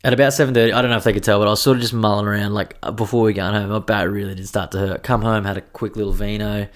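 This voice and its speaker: Profane, rambling man, low voice. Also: level tone, racing. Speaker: podcast host. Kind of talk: casual podcast monologue.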